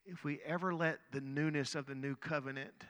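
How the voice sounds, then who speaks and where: A man's voice: on the high side, fairly even intonation, brisk, fairly bright tone. Earnest man preaching in a reverberant hall. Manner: storytelling, earnest, frequent repeated words. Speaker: pastor. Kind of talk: sermon.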